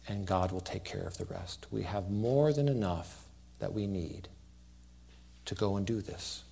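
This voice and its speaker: Earnest pastor swinging loud to hushed. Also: male voice, on the low side. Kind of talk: sermon.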